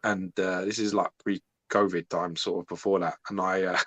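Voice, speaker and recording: Low-voiced British man rambling a story. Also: level tone, normal speed, fairly bright tone, dry recording. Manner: rambling storyteller, heavy use of fillers, swears. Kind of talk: casual chat.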